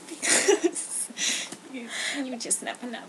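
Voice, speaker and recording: A woman's voice: a little high, lively intonation, takes it slowly, gravelly, fairly bright tone, slight background noise, heavily acted, low-quality recording. A woman playing a chatty, scatterbrained bargain-hunting lady who rambles, giggles and repeats a catchphrase, in a comedy sketch. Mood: rambling gossip. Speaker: co-host of a comedy talk sketch. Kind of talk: comedic improvised chat sketch.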